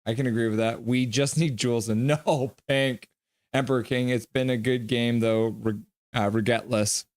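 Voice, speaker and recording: A man hosting a casual live stream, talking steadily at an everyday middle pitch. He reads viewer comments aloud and tosses back teasing remarks, thanking people by name in a loose, chatty way. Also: steady tone, moderate pace, a little mellow. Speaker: livestream host.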